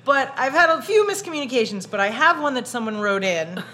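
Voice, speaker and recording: A woman's voice: sits high, very animated, brisk, bright, forceful tone. A woman hosting a podcast in a bar, chatting casually over drinks and telling stories with lots of laughter. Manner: laughs often, tells stories animatedly. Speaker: podcast host.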